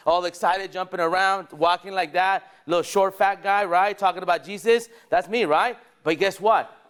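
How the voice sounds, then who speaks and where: A man leading a sales training session at a dealership, energetic and rallying, firing questions at the staff in the room. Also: high voice.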